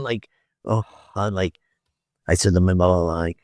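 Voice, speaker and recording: A man's voice: low-pitched, fairly even intonation, a little slow, darkish tone, no echo. A man, a podcast guest, telling a rambling story in casual talk, stammering and repeating himself, acting out the quoted dialogue and swearing often.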